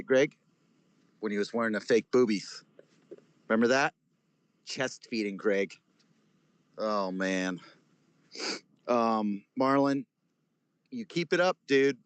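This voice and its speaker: A man's voice: medium pitch, dry recording. A man chatting casually on a live audio space, joking and rambling through stories. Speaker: guest speaker.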